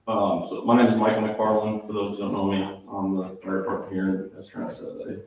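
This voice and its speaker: A man's voice: on the low side, monotone, fairly quick, darkish tone. A man who leads a local fire department, speaking firmly at a town council meeting and often asking "okay?". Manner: firm, defensive, repeats "okay?". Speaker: volunteer fire chief. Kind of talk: public comment at a council meeting. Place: small town council chamber. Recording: echoey room from far off.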